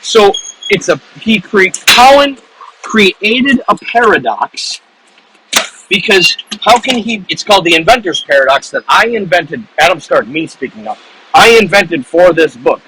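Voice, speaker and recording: A man, an author, casually retelling the plot of his own book in animated, rambling storytelling full of restarts. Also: high voice, measured pace, noisy background.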